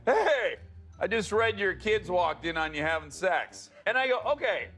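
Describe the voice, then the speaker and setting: A man's voice: high voice, big pitch swings, moderate pace, fairly bright tone, soft background music. A man telling a playful story as a talk show guest, laughing as he goes. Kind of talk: casual anecdote.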